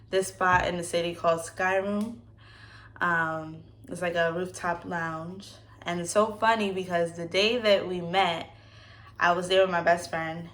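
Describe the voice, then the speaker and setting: Bright-voiced young woman telling stories. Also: fairly low pitch. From United States. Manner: animated, acts out quoted voices, laughs often. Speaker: vlogger. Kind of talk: casual storytelling Q&A vlog.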